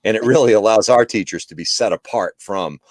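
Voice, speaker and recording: A man, a school principal co-hosting a live-streamed talk show, introducing a guest in a friendly, energetic way. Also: on the low side, brisk, no echo. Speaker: middle school principal, co-host.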